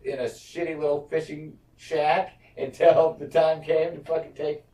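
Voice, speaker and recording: A man's voice: a little high, flat delivery, moderate pace, mellow. A man co-hosting a podcast, chatting casually about a show, swearing freely and acting out the characters' lines. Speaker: podcast co-host. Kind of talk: casual show recap chat. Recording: roomy echo, distant mic.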